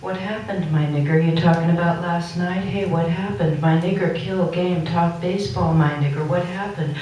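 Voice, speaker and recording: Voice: mid-range voice, steady tone, normal speed, a little mellow, lo-fi sound, a little hiss or hum. Distant poet reciting in a very echoey gallery. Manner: recites found speech and court record text aloud. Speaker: poet performing a reading. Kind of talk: conceptual poetry reading of found transcripts. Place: art gallery, indoors. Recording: very echoey room recorded from far off.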